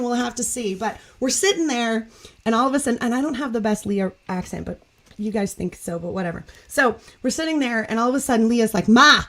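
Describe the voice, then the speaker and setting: A woman hosting a casual podcast chat over a video call, telling a story in a bubbly, gushing way and laughing often. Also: on the high side. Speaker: podcast host.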